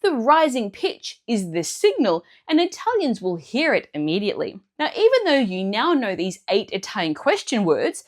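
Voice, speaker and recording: A woman speaks as a language teacher in a scripted lesson, walking through each point clearly and step by step. Her voice sits a bit high and swings widely up and down as she explains. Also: wildly swooping pitch, normal speed, few pauses.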